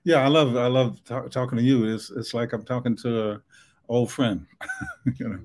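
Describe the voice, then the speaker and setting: A man with a Southern US accent, a book author talking as a podcast guest in a relaxed way, mumbling some words and laughing often. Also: medium pitch, normal speed. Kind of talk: podcast interview.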